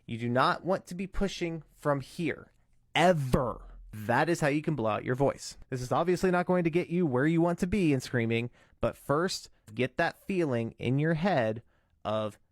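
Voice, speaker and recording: A medium-pitched man, recorded in clean studio quality with no room sound, makes vocal tutorials. He walks through a casual step-by-step lesson in an earnest, cautious way, breaking into demo screams and whispers.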